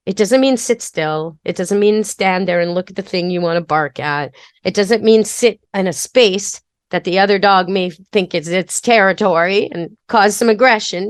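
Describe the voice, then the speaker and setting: A woman's voice: medium pitch, normal speed, no room sound, studio quality. A woman pet expert hosting a podcast, giving practical, step-by-step training advice in a chatty, casual way. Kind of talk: casual instructional talk.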